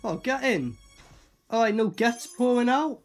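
British man, casual film reaction host, lively and swearing, faint music behind. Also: extremely high pitch, a little slow. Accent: British English. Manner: animated, swearing, laughing, repeats film lines.

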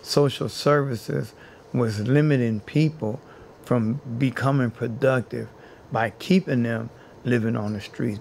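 A man with a gravelly, creaky voice at an ordinary pitch recounts his own story as an interview guest. He talks earnestly and stacks repeated phrases to drive each point home, with a faint hiss behind him. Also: darkish tone. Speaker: interview guest, housing activist.

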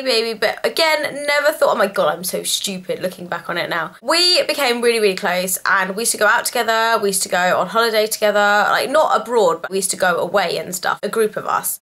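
A woman in her twenties tells a storytime vlog with a bright, forceful voice. She talks in a lively, chatty way, filling her sentences with "like." Her pitch sits in an ordinary middle range for a woman. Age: 20s. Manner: animated, chatty, lots of "like" fillers. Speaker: vlogger.

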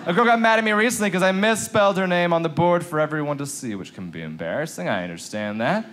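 A man doing stand-up comedy, swinging between muttered asides and loud emphatic bursts. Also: on the high side, lively intonation, fast talker, a little hiss or hum. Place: comedy club stage before an audience.

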